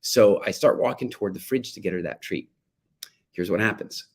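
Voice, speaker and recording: A man's voice: lowish voice, normal speed. A middle-aged man speaking to parents, telling a family story and acting out the quotes. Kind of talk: talk to parents.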